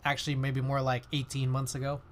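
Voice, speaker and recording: A man's voice: medium pitch, completely flat delivery, fairly quick, slight background noise. A man chatting casually on his livestream, rambling with lots of fillers and answering chat. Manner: rambling, many fillers, reads chat aloud.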